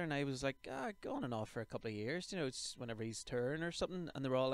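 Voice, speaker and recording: A man in his thirties with a Northern Irish accent, hosting a casual podcast chat and telling stories with lots of swearing and loud laughs. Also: medium pitch, fast talker, few pauses, clean tone, dry recording. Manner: animated storytelling, swears freely, laughs loudly. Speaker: podcast host.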